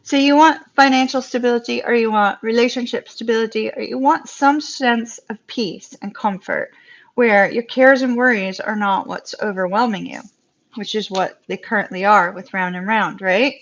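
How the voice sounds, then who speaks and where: Southern woman tarot reader, bright higher voice, warm chatty reassurance, muffled live-stream sound. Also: fairly even intonation, moderate pace. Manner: chatty, reassuring, laughs often. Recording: dull lo-fi live-stream audio.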